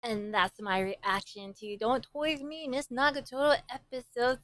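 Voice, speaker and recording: A woman's voice: on the high side, steady tone, measured pace, a bit bright. A young woman from Hawaii hosting an anime reaction, commenting as she watches with gasps, squeals and giggly outbursts.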